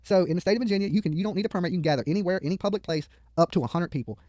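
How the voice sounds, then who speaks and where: A man's voice: sits high, rapid-fire, warm tone, no echo. A man giving profane, mocking live commentary on a video from a studio, heckling the people on screen and rambling into stories.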